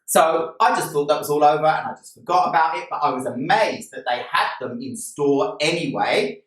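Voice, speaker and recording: A man vlogging about a plant he bought, gushing and excited as he tells the story and shows it off. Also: fairly high pitch, moderate pace. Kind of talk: casual haul video. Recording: roomy sound from a distant mic.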